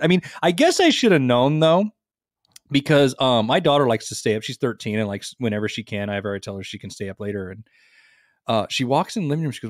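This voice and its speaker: A man in his thirties co-hosting a podcast, telling stories in a crude, joking, animated way. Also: mid-range voice, fast, dry recording, clean studio sound. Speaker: podcast co-host. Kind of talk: casual podcast chat.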